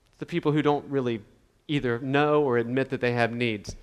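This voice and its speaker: A man's voice: medium pitch, fairly even intonation, fairly quick, clear, resonant tone. Conversational male preacher in a hall. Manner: conversational, acts out quoted voices. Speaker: pastor. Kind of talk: sermon.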